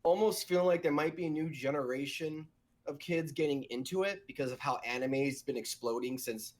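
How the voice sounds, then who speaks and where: A man's voice: a little high, fairly quick, darkish tone. A man who voice-directs abridged series, talking thoughtfully in a casual podcast chat with many restarts.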